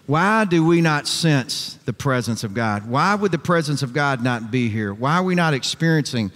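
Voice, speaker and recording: A man's voice: medium pitch, expressive, normal speed, fairly bright tone, big-room sound. A male pastor preaching an emphatic sermon full of rhetorical questions and folksy asides. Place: church sanctuary.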